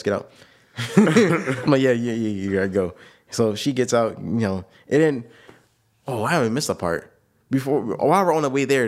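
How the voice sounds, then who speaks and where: A young man co-hosting a casual podcast, telling a rambling story with lots of slang and repeated phrases. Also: mid-range voice. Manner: animated, slangy, repeats himself. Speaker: podcast co-host.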